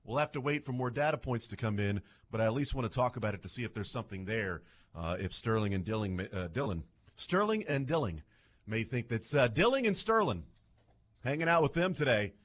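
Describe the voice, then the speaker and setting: A man's voice: fairly low pitch, fast. Chatty male sports radio host. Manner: chatty and playful, jokes with co-hosts. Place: radio studio.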